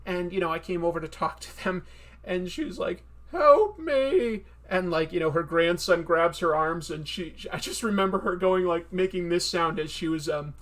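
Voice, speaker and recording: A man's voice: a little high, flat delivery, moderate pace, fairly bright tone. A man hosting a casual live-stream Q&A about comics, chatty and rambling with many fillers. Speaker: comic book video host.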